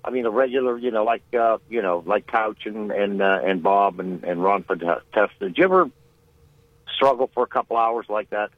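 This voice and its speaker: A man's voice: fairly low pitch, dry recording. Guy calling into a radio show, stumbles a lot, muffled lo-fi phone sound. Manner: halting, filler-heavy. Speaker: radio caller. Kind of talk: casual phone-in chat.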